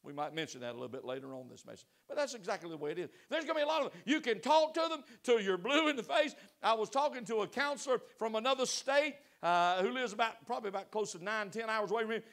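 Male pastor with a high-pitched voice, preaching in church; rises to loud exhortation, then drops to soft pleading. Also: animated, fast, few pauses. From United States. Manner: asks the congregation direct questions. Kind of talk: sermon. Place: church sanctuary.

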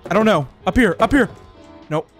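A young man commentating a horror game for his channel, jumpy and excitable, dropping to hushed whispers and breaking into panicked yelps. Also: high-pitched, normal speed, faint music behind. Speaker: gaming YouTuber.

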